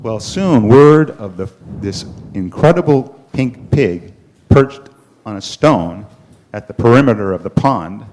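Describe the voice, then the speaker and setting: Man telling an animated church story. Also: fairly low pitch. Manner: animated storytelling, dramatic pauses. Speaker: storyteller at a congregation service. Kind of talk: children's story told at a worship service.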